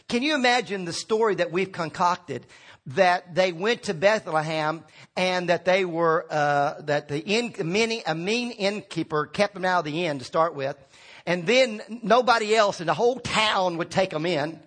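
High-voiced man preaching conversationally. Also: lively intonation, normal speed, a bit bright. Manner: conversational preaching with restarts and acted-out quotes. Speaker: pastor. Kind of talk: sermon.

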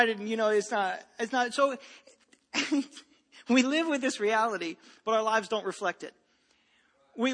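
A man's voice: very high-pitched, pushed and bright, long reverb tail. A man preaching a sermon in a casual, conversational way, full of asides and repeated phrases. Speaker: pastor. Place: church hall.

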